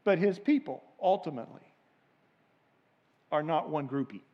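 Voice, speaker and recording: A man preaching a sermon in a church sanctuary, his voice sitting a little high. He drops into quiet, low asides, then builds to loud, shouted peaks. He leads the congregation in call and response. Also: expressive, normal speed, lo-fi sound. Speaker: pastor.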